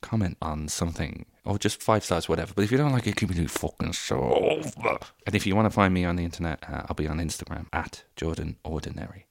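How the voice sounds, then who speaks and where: A man's voice: low voice, fast talker, vocal fry, hardly any pauses, no echo. A man hosting a solo comedy podcast, rambling, self-deprecating and sweary, jumping between voices. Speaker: podcast host.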